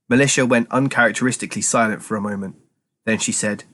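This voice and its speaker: A man's voice: fairly low pitch, fairly even intonation, fast, fairly bright tone. A man narrating a children's chapter book aloud as a teacher, telling the story expressively.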